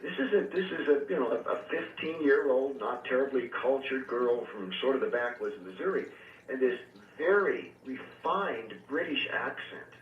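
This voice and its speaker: A man speaks as a reverend and exorcist on a call-in radio show. He recounts his experiences earnestly and at a measured pace, filling gaps with hesitations. His voice comes through a thin, phone-like line that sounds distant and echoey. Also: mid-range voice, lively intonation, a little hiss or hum. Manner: earnest, measured, storytelling with frequent fillers.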